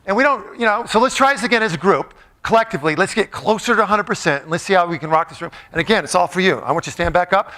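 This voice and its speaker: High bright man joking with a crowd. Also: lively intonation, rapid-fire, few pauses. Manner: playful, jokey, quizzes the crowd. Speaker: motivational speaker. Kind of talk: live audience talk. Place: large room with a live audience.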